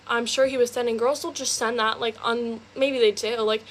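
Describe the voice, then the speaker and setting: A woman's voice: on the high side, fairly even intonation, slight background noise. A young woman telling a personal story in a casual, chatty way, filling her speech with "like", recorded on a phone. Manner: chatty, fast, heavy use of "like".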